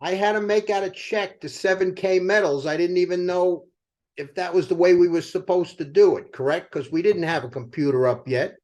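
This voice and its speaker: A man's voice: sits high, moderate pace. An older man, a company co-founder, telling motivational sales stories to a team and firing rhetorical questions at them. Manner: animated storyteller asking the audience rhetorical questions.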